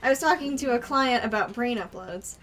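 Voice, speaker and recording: A woman's voice: on the high side, fairly quick, fairly bright tone, lightly acted. A woman reading a laid-back female bartender. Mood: easygoing. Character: calm, dry female bartender. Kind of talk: fan voicing of game dialogue.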